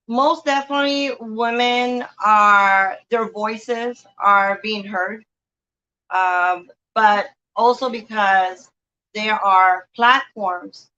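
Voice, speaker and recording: Bright-voiced woman, slow and measured. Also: medium pitch, muffled recording. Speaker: interview guest. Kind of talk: interview answer.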